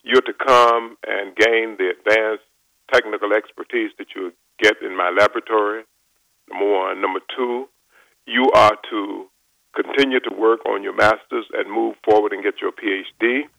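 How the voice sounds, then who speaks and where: A man in his seventies from North Carolina, a chemist giving a measured, formal radio interview with frequent pauses. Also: lowish voice, fairly even intonation, creaky, sharp tone, dry recording, poor audio. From North Carolina, USA. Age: 70s. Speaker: guest chemist. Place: radio studio.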